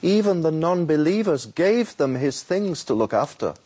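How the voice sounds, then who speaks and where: Male preacher, husky, lively pitch, storytelling explanation with repeated words. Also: normal speed. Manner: animated, repeats words, acts out a street vendor's calls. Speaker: Muslim preacher guest.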